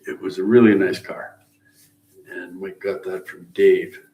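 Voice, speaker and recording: A man's voice: deep voice, level tone, a little slow, mellow. A middle-aged man hosting a live car-building stream. He chats casually and rambles through shop-talk explanations, chuckling now and then. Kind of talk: casual live chat with viewers. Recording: roomy, distant mic with faint hiss.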